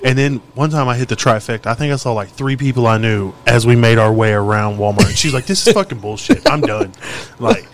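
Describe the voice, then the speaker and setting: A man guest on a podcast telling stories in casual chat, profane and animated, acting out quotes from his wife and friends. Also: mid-range voice, quick pace, hardly any pauses.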